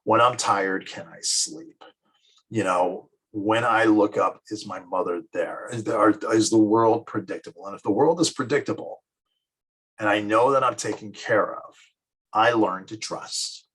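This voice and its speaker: A middle-aged man teaching psychology in a lively classroom lecture, acting out little scenes of children and parents as he goes. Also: fairly low pitch, husky, rough recording. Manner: lively, acts out children and parents in quick asides.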